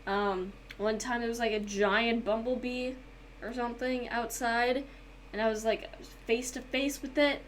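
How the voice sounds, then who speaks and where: A woman's voice: a little high, fairly even intonation, measured pace. A young woman chatting casually while she draws on a stream, reading chat aloud and telling stories with sudden dramatic outbursts. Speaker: art and gaming YouTuber. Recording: faint background noise.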